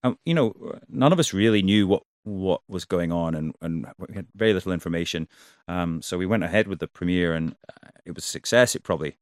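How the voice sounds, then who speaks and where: Deep-voiced man, halting and laughing. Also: lively intonation, dry recording, studio quality. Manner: halting, restarts sentences, laughs often. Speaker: actor guest. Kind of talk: casual interview chat.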